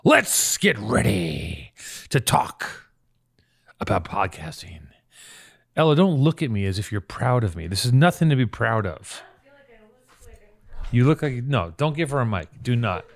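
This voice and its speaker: Podcast guy rambling jokes and stories, mid-pitched, dead dry close mic, throws in goofy hype yells. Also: lively intonation, moderate pace, dry recording. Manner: joking, rambling storyteller with mock hype shouts. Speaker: podcast host. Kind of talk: comedic podcast banter.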